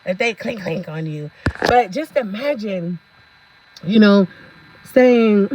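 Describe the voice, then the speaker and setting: A woman vlogger in a sassy, ranting mood, breaking into laughs and calling out to her viewers. Her pitch sits in the middle. The recording has a faint background hiss. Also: animated, normal speed, a little mellow, rough recording. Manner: sassy, laughs often, talks straight to viewers. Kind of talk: casual ranting commentary.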